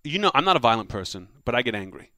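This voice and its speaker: A comedian guest with a mid-range voice races through an animated story in casual chat, acting out the quotes. The recording is dry.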